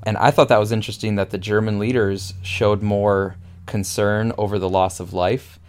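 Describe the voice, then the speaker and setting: A man's voice: lowish voice, flat delivery, normal speed, clean tone. A man casually discussing a film, thoughtful and reflective, with frequent fillers. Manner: thoughtful, uses fillers like "like" and "you know".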